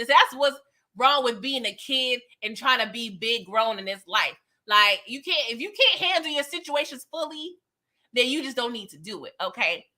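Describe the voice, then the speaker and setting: Her voice is fairly high, bright and forceful as she hosts a live recap of a TV episode. The chat is slangy and emphatic, full of laughter, with "okay?" tagged onto point after point.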